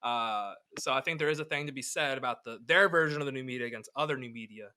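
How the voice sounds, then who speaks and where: A young man co-hosting a casual sports podcast, talking fast with a bright, forceful tone. He rambles, swears freely and restarts his sentences. His pitch sits in an ordinary middle range. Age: 20s. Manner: rambling, profane, self-interrupting. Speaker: podcast co-host.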